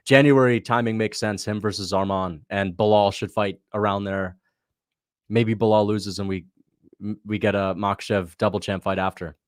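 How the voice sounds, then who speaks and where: A man's voice: fairly low pitch, steady tone, clean tone, no room sound, studio quality. Chatty young man hosting a livestream. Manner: loose, chatty, quick to laugh, reads out donations. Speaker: livestream host reacting to fights. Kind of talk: casual livestream commentary.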